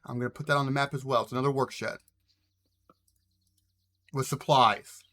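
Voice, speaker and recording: A man's voice: mid-range voice, steady tone, moderate pace, sharp tone. A man running a tabletop game as game master, narrating casually with frequent fillers.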